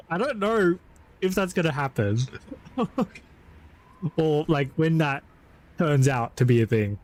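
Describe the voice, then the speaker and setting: A man's voice: fairly high pitch, animated, unhurried, pauses often, a little mellow. A young man streaming, reading a visual novel's narration aloud and chuckling through his own asides. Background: game music.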